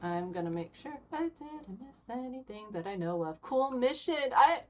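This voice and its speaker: A woman streaming a game live, chatty and excitable, her voice jumping high when she is delighted. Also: unhurried, hardly any pauses, slight background noise. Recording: slightly dull audio with game music.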